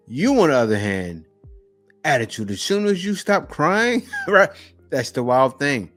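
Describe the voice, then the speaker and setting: Male reaction host, lively sing-song delivery, mocking tone, faint music behind. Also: on the high side, unhurried. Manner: animated, mocking, laughs between remarks. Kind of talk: casual reaction commentary.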